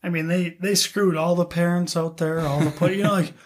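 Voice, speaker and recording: A man's voice: high voice, flat delivery, a little fast. A young man co-hosting a podcast, chatting casually and rambling with lots of "you know, like". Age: young adult. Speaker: podcast co-host. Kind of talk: casual chat.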